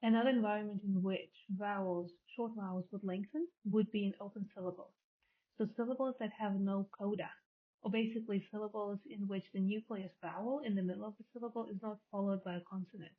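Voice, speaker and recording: Talking fast in a steady, mid-range voice, this woman lectures on linguistics, repeating and rephrasing every term as she explains it. Her voice comes through thin and phone-like.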